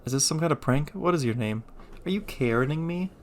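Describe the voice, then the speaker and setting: A man's voice: fairly high pitch, lively intonation, brisk, slight background noise, pitched above the performer's own voice, close to an everyday voice. A man voicing an entitled, demanding woman trapped in a church, indignant and bossy with sudden sugary turns.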